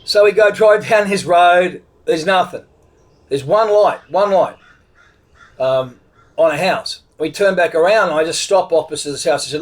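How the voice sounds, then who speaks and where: A man's voice: sits high, moderate pace. A middle-aged Australian man casually retelling a road trip story, rambling, with many restarts. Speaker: vlogger telling a travel story.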